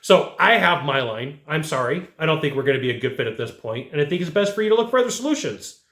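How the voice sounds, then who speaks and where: Guy coaching salespeople straight to camera, blunt and chatty, voice a bit high, echoey room. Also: very animated, quick pace, fairly bright tone. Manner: blunt, conversational, rhetorical questions. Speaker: sales trainer. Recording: roomy echo.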